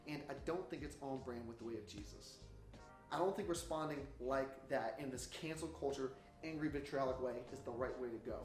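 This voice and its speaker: Animated preacher with a slightly high voice. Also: male voice, reverberant. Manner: animated, acts out reactions with loud exclamations. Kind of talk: sermon series intro.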